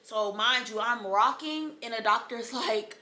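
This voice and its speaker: A young woman, dramatically telling the story of her birth in a casual storytime vlog, with laughter and sudden loud outbursts. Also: on the high side, a little slow. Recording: echoey room.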